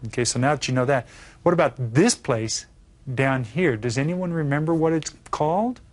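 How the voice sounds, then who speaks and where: A man teaching a Spanish geography lesson, patient and clear, asking learners to repeat. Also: mid-range voice, normal speed.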